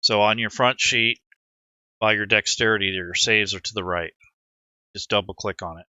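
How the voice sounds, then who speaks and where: Guy running a tabletop game online, super bright voice, dry close mic, kinda rambly. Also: lowish voice, normal speed, clean tone, no room sound, dull audio. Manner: relaxed, rambling narration with fillers and asides. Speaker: game master. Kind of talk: narrating a tabletop game, explaining the rules.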